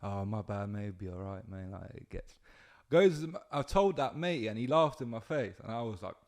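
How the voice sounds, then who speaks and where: A man's voice: lowish voice, animated, moderate pace, darkish tone. A young man, hosting a podcast and swapping work stories in casual chat, swearing freely and acting out quotes. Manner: swearing, storytelling with acted-out quotes. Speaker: podcast host.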